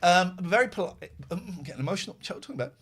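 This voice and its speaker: A man hosting a podcast, telling a long story with a lively voice that swoops up and down. He acts out the people he quotes and keeps restarting and correcting himself along the way. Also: sits high, rapid-fire, slightly rough. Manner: animated, acts out quoted dialogue in other voices; rambling with restarts and self-corrections. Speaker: podcast host. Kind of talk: casual storytelling chat.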